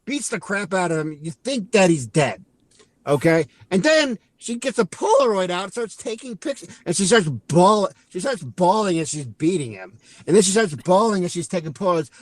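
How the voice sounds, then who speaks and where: High-voiced and swinging widely in pitch, a man co-hosts a podcast with no echo. His movie recap is casual and rambling, with lines acted out and quick asides thrown in.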